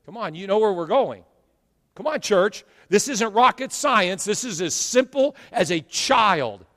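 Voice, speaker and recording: A man preaching a sermon as pastor, with loud emphatic swells and drawn-out phrases. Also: sits high, animated, big-room sound. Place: church sanctuary.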